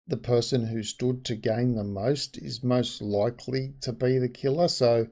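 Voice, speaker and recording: A man talks through his take on a film in a loose, chatty way, often restarting his sentences and wandering into asides. His voice has a mellow, dark tone. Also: medium pitch, steady tone, unhurried. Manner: rambling, frank, with frequent restarts and asides. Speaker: movie reviewer. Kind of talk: casual spoken film review.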